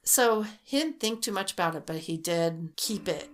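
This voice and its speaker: A woman co-hosting a relaxed podcast, telling a crime story in a loose, conversational way. Her voice sits a little low. She peppers her talk with "like" and "um" and slips into quoted voices. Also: normal speed, few pauses. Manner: chatty, full of "like" and "um", acts out quotes. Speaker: podcast co-host. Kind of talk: casual true-crime storytelling.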